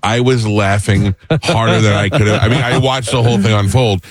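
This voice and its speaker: A middle-aged man hosting a radio show, telling a funny story in a lively chat and laughing as he goes. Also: on the low side, brisk, no room sound.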